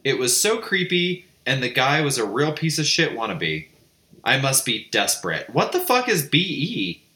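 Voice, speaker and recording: A man co-hosting a podcast in casual chat, joking and quick to laugh. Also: medium pitch, sing-song, pushed and bright, echoey room. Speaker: podcast co-host.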